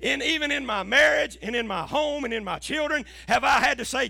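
High, gravelly preacher man. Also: fairly quick, hardly any pauses, dry recording. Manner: impassioned preaching, rising to shouts. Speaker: pastor. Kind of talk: sermon.

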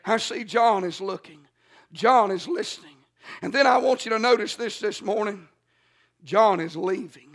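A man's voice: high-pitched, moderate pace, fairly bright tone. A man preaching a sermon in a rhythmic, emphatic way, often adding "uh" and "amen" between phrases.

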